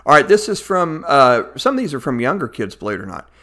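A man's voice: mid-range voice, sing-song, quick pace, sharp tone. A man hosting a Christian podcast show in an enthusiastic, announcer-like manner. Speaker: podcast host.

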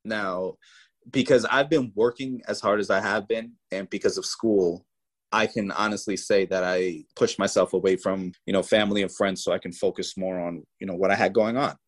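Male interview guest, lowish voice, lively storyteller. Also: normal speed, poor audio. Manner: animated storyteller, voices people in his story.

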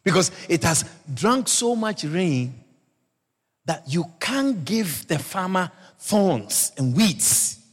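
A man preaching with a high, lively voice that leaps from near-shouts to soft, husky murmurs. He is a pastor mixing scripture with everyday stories. His words ring out with a long reverb, as in a big hall. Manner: animated, swinging from loud exclamations to low murmurs. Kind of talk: sermon with personal storytelling.

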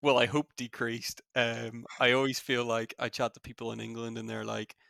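A young man with a Belfast accent speaks in a flat, gravelly voice, his delivery quick and cluttered with fillers and restarts. The recording is dry and close. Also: medium pitch, dry recording. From Northern Ireland. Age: young adult. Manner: fast-talking, many fillers and restarts. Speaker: former student guest. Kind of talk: casual interview chat.

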